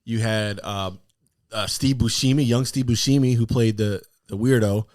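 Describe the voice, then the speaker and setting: A man co-hosting a casual podcast chat, rambling with lots of fillers and sudden excited outbursts. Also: mid-range voice, moderate pace, dry recording, clean studio sound. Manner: animated, excitable bursts between rambling fillers. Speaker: podcast co-host.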